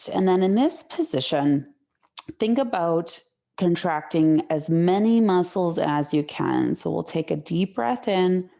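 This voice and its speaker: A woman yoga instructor leading an online class from home, giving calm, slow, soothing cues. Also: on the low side, creaky.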